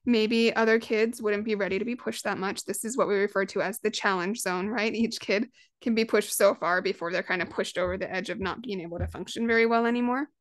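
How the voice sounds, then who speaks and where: A woman's voice: medium pitch, fairly even intonation, brisk, dry recording, clean studio sound. A woman in her thirties hosting a parenting podcast, talking in an earnest, conversational way and acting out little quoted lines. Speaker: podcast host. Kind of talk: casual parenting talk.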